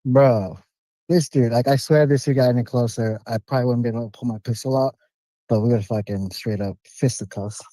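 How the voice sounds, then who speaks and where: A man calling into a podcast, telling a story with animated, profane street slang. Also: mid-range voice, a little fast, no room sound, poor audio. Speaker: caller. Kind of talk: casual storytelling on a call.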